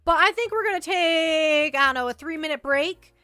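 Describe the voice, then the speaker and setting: A woman's voice: high-pitched, moderate pace, pushed and bright, no room sound, soft background music. A woman streaming as a VTuber, chatting casually with her viewers and reading the chat aloud, often trailing off and restarting.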